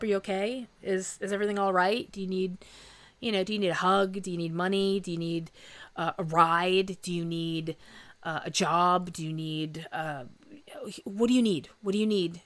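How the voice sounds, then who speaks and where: A woman's voice: lowish voice, fairly bright tone, no room sound. A woman in her forties hosting a podcast, chatting casually and rambling, laughing often at herself. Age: 40s. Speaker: podcast host. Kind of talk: casual chat.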